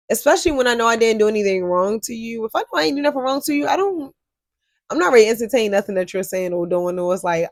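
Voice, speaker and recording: A young woman telling a story to her viewers in a casual vlog, animated and swearing freely. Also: mid-range voice, no echo. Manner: animated, profane, talks straight to viewers. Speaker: storyteller vlogger.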